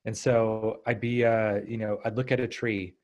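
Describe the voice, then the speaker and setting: A man in his thirties, a guest coach in a casual interview, explaining ideas and acting out inner thoughts in lively asides. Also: on the low side, normal speed, highs cut off. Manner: animated, acts out inner voices.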